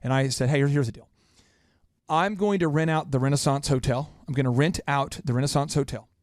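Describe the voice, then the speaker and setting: A man hosting a podcast, telling a story in a quick, animated, self-mocking way. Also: mid-range voice, no echo, studio quality. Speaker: podcast host. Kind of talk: storytelling in casual chat.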